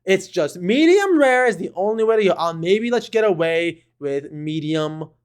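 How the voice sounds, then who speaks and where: Rambling man with a higher voice. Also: animated, moderate pace, smooth. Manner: rambling with fillers and restarts, bursts of mock outrage. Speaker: podcast co-host. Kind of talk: casual chat.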